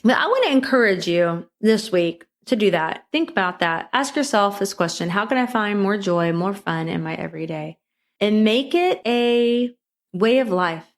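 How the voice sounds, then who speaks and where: A woman's voice: medium pitch, lively intonation, normal speed. A middle-aged woman hosting a motivational solo podcast, upbeat and encouraging, with repeated exhortations and rising emphasis. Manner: repetitive exhortations. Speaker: podcast host.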